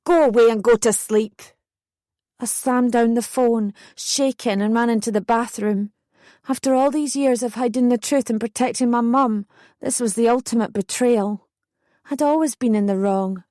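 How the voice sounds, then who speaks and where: A young woman reads a painful first-person memoir with raw emotion. Her voice sits a little high and sounds dry and close, as in a studio booth. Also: dark tone, dry recording. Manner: emotional, intense retelling. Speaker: memoir narrator. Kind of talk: first-person audiobook narration.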